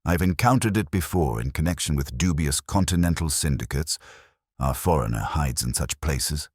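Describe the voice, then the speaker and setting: A man voicing a shrewd, cool-headed detective who speaks with precise, commanding calm. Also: very deep voice, normal speed, slightly rough, no room sound, clean studio sound, full character voice. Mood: scheming.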